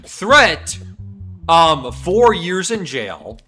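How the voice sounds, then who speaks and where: A man streaming a video game, giving excitable, jokey commentary and swearing often. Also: on the high side, very slow, soft background music. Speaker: gaming streamer. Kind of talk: let's-play commentary.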